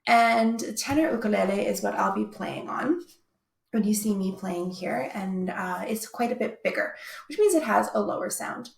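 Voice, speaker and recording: A woman's voice: mid-range voice, normal speed, vocal fry, reverberant, slight background noise. A young woman teaching an online music lesson in an upbeat, chatty way. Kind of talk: recorded video lesson.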